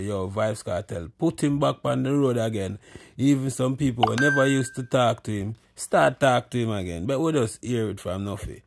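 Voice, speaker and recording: A man's voice: on the low side, vocal fry, darkish tone. A man with a Jamaican accent hosting an online street show, rambling and speaking straight to his channel. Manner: rambling, addresses the channel directly. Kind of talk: casual street commentary in patois.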